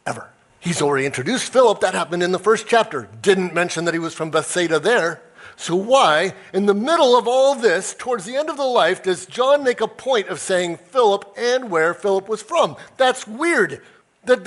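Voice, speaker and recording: Preaching in a conversational style, this self-described nerd of a pastor performs the voices of the people in his story. He has a high, fairly bright voice.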